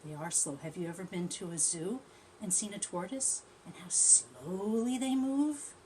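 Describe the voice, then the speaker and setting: A woman teacher reading a storybook aloud to young children, gently chatty and asking them questions as she goes. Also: lowish voice, expressive, measured pace, slight background noise.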